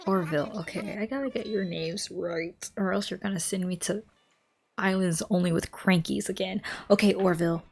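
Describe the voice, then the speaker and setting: A woman giving relaxed late-night gameplay commentary, rambling, chatting to the game's characters, and often apologizing with self-deprecating asides. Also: medium pitch, moderate pace, gravelly, breathy edge. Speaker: gaming vlogger. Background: soft background music.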